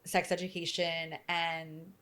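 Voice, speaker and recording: A woman's voice: lowish voice, flat delivery, slow, fairly bright tone. A woman hosting a podcast interview, giving short encouraging replies in casual chat. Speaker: podcast host.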